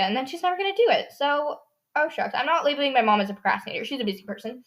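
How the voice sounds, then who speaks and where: A woman's voice: fairly high pitch, animated, very fast. A teenage girl hosting her own podcast, talking casually and sarcastically with lots of fillers. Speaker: podcast host. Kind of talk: casual solo podcast chat.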